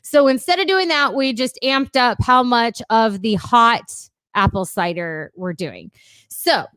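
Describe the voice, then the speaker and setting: A woman's voice: high-pitched, fairly bright tone, dry recording. A young woman, co-hosting a casual chat while mixing a cocktail, bawdy and giggly and swearing freely. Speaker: co-host.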